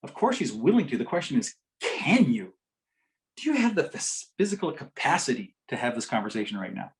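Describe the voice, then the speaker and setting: A middle-aged man giving a talk at a community health forum, telling a patient story with lively swings between loud emphasis and hushed, gentle quotes. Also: mid-range voice, fairly quick, poor audio.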